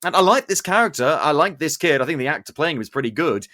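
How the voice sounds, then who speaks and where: A man's voice: fairly high pitch, fast. Man hosting a casual film-review podcast. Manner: animated, sarcastic asides. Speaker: podcast host.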